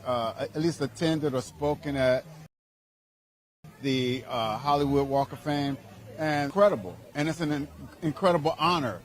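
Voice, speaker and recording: A man from Cincinnati, Ohio, a music producer, being interviewed outdoors at an event and speaking in an animated, emphatic way. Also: fairly high pitch. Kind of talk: casual interview.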